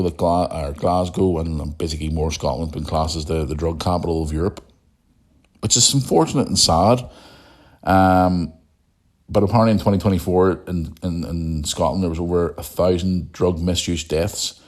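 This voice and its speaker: A man's voice: sits low, darkish tone. A man hosting a casual solo podcast, telling rambling stories, repeating himself and swearing freely. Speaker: podcast host.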